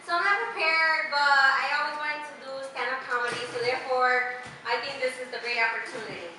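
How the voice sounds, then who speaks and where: A bright, high-voiced young woman doing loose, giggly stand-up, full of "like" and swearing. She sounds distant from the mic in an echoey room, with faint noise behind her. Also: steady tone, a little fast. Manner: rambling, giggly, profane, lots of "like". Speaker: open mic comedian. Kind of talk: improvised stand-up comedy. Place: small open mic venue.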